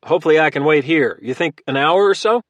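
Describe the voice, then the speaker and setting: A man voicing a calm, calculating former Marine who talks in a friendly, easygoing way. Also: medium pitch, brisk, no echo. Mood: casual. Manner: casual and friendly, turning hard.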